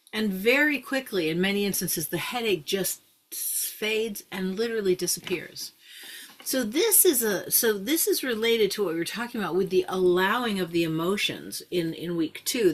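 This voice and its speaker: A woman teaching a mindfulness practice group in a casual, chatty way, full of fillers and restarts, sometimes slowing into a soft hypnotic guiding voice. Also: medium pitch. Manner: chatty, thinks aloud with many fillers and restarts; drops into a slow soft hypnotic voice for guidance.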